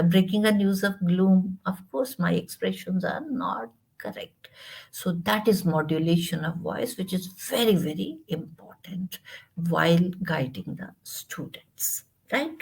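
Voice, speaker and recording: A woman with an Indian English accent, coaching a student in spoken English in a measured, instructive way with quiet asides. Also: mid-range voice, vocal fry. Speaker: English teacher.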